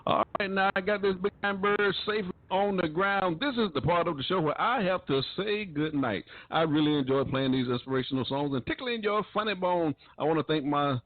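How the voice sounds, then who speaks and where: A man's voice: sits high, brisk, hardly any pauses, no echo. A man hosting a gospel radio show, signing off in a folksy, preacher-like cadence. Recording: dry, phone-like.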